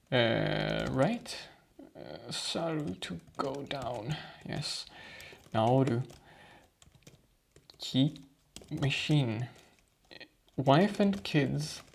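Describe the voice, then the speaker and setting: Man, mid pitch, very slow, gravelly, muttering study-session vlogger. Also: a little mellow. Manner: slow, muttering to himself, thinking aloud. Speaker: language learner reviewing flashcards. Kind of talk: casual study session vlog.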